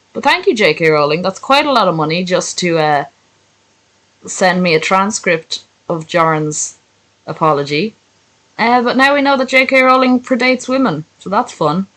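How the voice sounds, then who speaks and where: A young woman reads a story aloud on a live stream, breaking off for sarcastic, swearing asides to her chat. Her voice is on the low side and a bit bright, and the recording is low quality.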